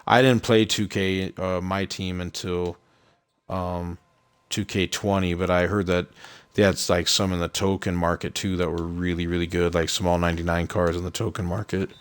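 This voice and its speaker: Man, deep voice, casual game stream chatter, rambling, lots of fillers. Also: moderate pace, clear, resonant tone. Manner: relaxed, rambling, with many fillers. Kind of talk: casual gameplay commentary.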